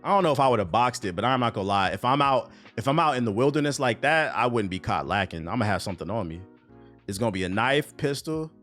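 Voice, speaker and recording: Talking at a quick pace and medium pitch, a young man runs a livestream with soft music playing underneath. He jokes, swears and reads chat messages aloud, keeping the casual conversation animated.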